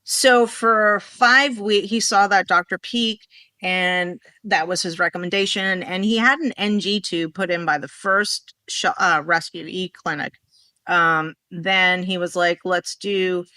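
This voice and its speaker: A woman telling a rambling story in a casual podcast conversation, acting out what people said with lively swings in her voice. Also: on the low side, a little slow, no echo. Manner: animated, rambling, acts out quoted dialogue.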